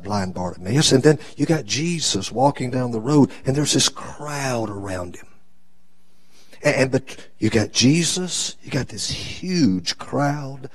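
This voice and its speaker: Slow, dramatic male preacher. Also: lowish voice, husky. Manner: preacher's cadence, swinging from shouts to hushed tones. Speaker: bishop preaching. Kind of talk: live sermon.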